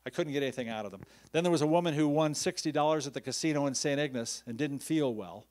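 A man who writes books, telling a story in a casual, lively way and acting out what other people said. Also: fast. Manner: animated, acts out quoted voices with rising pitch; conversational, uses many "you know" fillers. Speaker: author telling stories.

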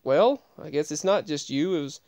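A man quoting a brisk woman teacher. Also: fairly high pitch, a little mellow, lightly acted. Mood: kindly. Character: brusque then kindly woman teacher.

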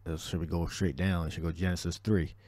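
Man preaching on scripture, low mellow voice, dry sound, loose and repetitive. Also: little pitch movement, a little fast, dry recording. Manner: repetitive, restarts, scripture-heavy. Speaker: religious teacher. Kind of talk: preaching commentary on a video.

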